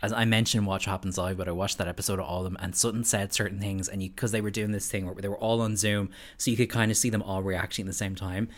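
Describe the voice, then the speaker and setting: A man's voice: on the low side, little pitch movement, fast talker, hardly any pauses. A man co-hosting a podcast, chatting casually with a wry, amused manner and frequent laughter. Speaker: podcast co-host. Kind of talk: casual chat.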